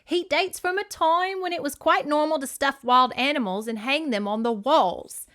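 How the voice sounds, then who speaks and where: A woman voicing a brisk, welcoming elderly great-aunt in an exaggerated mock British accent, reading a storybook aloud. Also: sits high, fairly bright tone, voice pushed up. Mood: apologetic.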